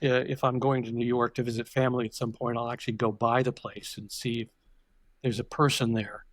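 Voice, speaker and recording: This older man, appearing as a podcast guest, shares stories in a reflective, digressive interview conversation with many restarted sentences. He talks a little fast in a mid-range voice with little pitch movement and a fairly bright tone. No room sound is audible.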